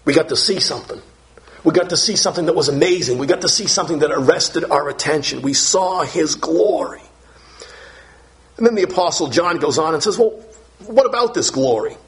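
A pastor with a fairly high voice preaches emphatically, piling up synonyms and shouting key words. He also puts questions to his congregation.

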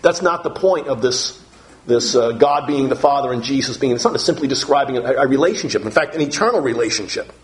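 A man preaching a sermon, earnest, often repeating words and slowing down for emphasis. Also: mid-range voice, lively intonation.

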